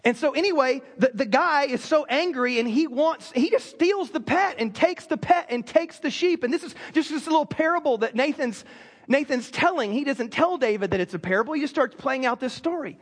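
A man pastor preaching a sermon in a casual, animated storytelling manner, full of fillers. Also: very high voice, fairly quick, in a large hall.

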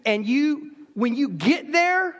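High-voiced man preaching in a hall. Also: sing-song, slow pace, fairly bright tone. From South Carolina. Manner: humorous storytelling, acts out quotes. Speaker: pastor. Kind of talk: sermon. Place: church sanctuary with a congregation. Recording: long reverb of a large hall.

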